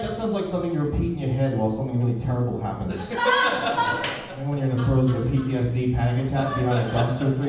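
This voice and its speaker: A man doing a stand-up comedy set, rambling and sardonic in his observations. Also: medium pitch. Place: live comedy venue, indoors. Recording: echoey live room, distant mic, crowd. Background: audience laughter.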